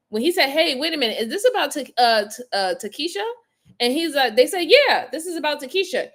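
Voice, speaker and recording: A woman's voice: on the high side, a bit bright. A woman hosting a live stream, casually commenting on crime footage and reading viewer comments aloud with frequent laughter.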